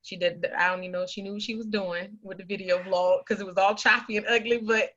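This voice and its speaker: A woman's voice: medium pitch, fairly even intonation, fast, a crowd in the background. A woman guest on a podcast telling a personal family story earnestly and with emotion. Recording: dull lo-fi audio.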